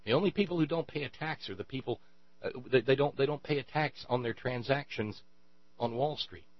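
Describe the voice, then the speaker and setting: A man hosting a talk radio show, commenting sarcastically on played clips in an animated way. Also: mid-range voice, fairly quick, no room sound. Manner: sarcastic, animated, mocking voices in quotes. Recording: dull lo-fi radio audio with mains hum.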